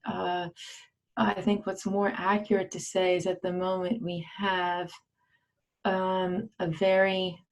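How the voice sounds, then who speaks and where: A woman from Brooklyn, a guest on a video chat, speaking in a deliberate and earnest way. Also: on the low side, level tone, low-quality recording.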